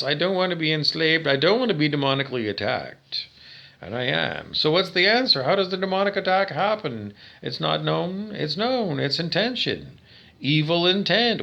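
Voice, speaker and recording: High, lively ranting man. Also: creaky, dull audio. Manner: ranting, asks and answers his own questions, profane. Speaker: vlogger. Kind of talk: direct-to-camera monologue.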